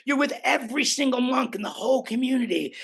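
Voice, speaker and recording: An older man, a podcast guest, telling stories in an animated, emphatic way and swearing freely. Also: extremely high pitch, fast talker, vocal fry, breathy edge. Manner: emphatic, swears freely, acts out quoted voices. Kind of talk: animated conversational storytelling.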